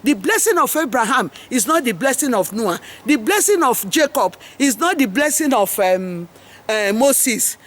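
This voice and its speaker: A woman's voice: a little high, sing-song, moderate pace, a bit bright. A middle-aged woman with a Nigerian English accent, hosting an impassioned, rambling monologue full of preachy, repeated slogans. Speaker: host and farmers' advocate.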